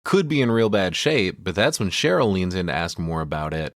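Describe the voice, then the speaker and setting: Profane, animated man recapping a movie. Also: deep voice, brisk, no echo, clean studio sound. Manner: profane, animated retelling with quoted character lines. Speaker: podcast host. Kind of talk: casual movie recap chat.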